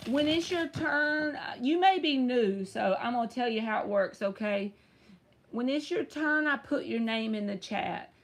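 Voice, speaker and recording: A woman reads tarot on a live stream, chatting and teasing viewers as she goes. Her voice sits fairly high, and she takes her time, drawing out her words in an unhurried way. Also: expressive, slight background noise.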